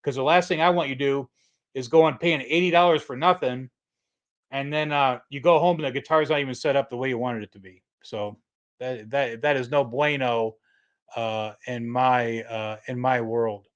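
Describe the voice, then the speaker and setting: A man's voice: medium pitch, steady tone, normal speed, dull audio. A middle-aged man hosting a casual guitar livestream, rambling with lots of fillers and restarts. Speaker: livestream host, guitar tech.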